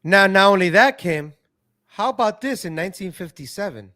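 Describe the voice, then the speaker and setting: A man's voice: sits high, animated, moderate pace, pushed and bright, dry recording, clean studio sound. A man hosting a talk show, speaking earnestly in a casual interview conversation.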